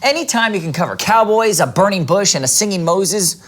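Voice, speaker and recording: A man's voice: sits high, lively intonation, a little fast, fairly bright tone, slight background noise. A man co-hosting a children's church show, with playful scripted banter. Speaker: co-host of a kids' ministry show.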